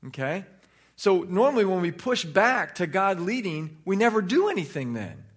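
A man's voice: high-pitched, normal speed, slightly rough. A man teaching a Bible study in an informal, conversational way, sometimes venting frustration openly. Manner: animated, conversational, vents openly.

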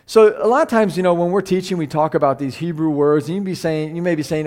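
A man's voice: fairly high pitch, brisk, darkish tone. Chatty man teaching a Bible class. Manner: chatty, repeats himself, asks the room questions.

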